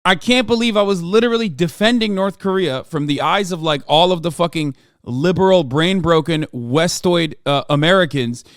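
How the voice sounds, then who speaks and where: A man in his thirties rants at his live chat, cursing freely and breaking into loud yelling. His voice sits high and comes through smooth and resonant. It is recorded close and dry. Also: moderate pace, few pauses, dry recording. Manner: profane, ranting at chat, swings to yelling. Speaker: streamer. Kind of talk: live stream reaction and chat rant.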